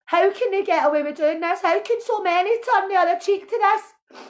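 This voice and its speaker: Very high-voiced woman ranting. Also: fairly quick. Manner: angry, accusing, pleading. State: emotional. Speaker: protesting mother. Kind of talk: impassioned video rant.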